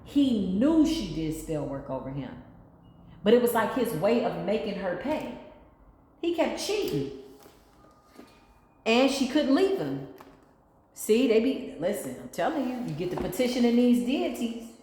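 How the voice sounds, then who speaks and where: A woman's voice: fairly high pitch, very animated, unhurried, pauses often, warm tone. Blunt, slangy woman in an echoey room. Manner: emphatic, rambling, slangy and blunt. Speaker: intuitive spiritual reader. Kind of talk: casual spiritual reading monologue. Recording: echoey room with long reverb and faint noise.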